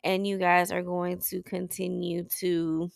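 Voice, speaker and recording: A woman's voice: fairly low pitch, flat delivery, measured pace, creaky, no room sound, studio quality. A woman hosting a podcast, talking candidly about her week in a personal check-in, rambling with restarts and tearful. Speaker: podcast host. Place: Saint Louis.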